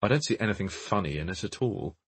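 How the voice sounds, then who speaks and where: A man's voice: on the low side, animated, quick pace, husky. A man voicing an irritable, successful male actor in an audiobook, curt and dismissive.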